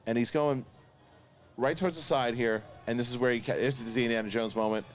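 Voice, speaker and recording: A man hosting a casual watch-along review, talking excitedly in quick bursts and laughing often. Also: medium pitch, faint music behind. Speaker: host.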